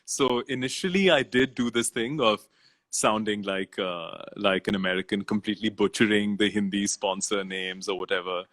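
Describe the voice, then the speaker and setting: Low-voiced man chatting easily. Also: normal speed. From India. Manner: relaxed, reflective, laughs easily, says "man" and "you know". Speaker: voice-over artist. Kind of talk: casual interview chat.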